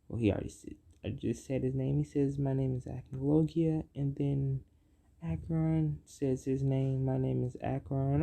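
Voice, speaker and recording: A storyteller making up a fan-fiction tale as they go, halting, with many fillers and self-corrections. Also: mid-range voice, warm tone.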